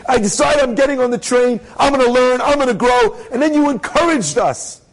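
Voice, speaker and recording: A man's voice: very high-pitched, brisk, pitched above the performer's own voice, poor audio. A man voicing an earnest young woman who pours out an emphatic, pleading complaint. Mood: exasperated.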